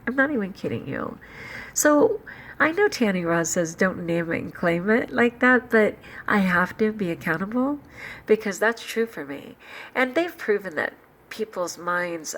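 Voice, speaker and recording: A middle-aged woman vlogging casually to camera, candid and animated, with lively jumps in pitch.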